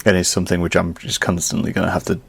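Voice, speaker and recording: A man's voice: racing, gravelly, husky. Exasperated man ranting on a podcast. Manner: animated, swings from low muttering to loud exasperated outbursts. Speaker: podcast host. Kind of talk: casual ranting monologue.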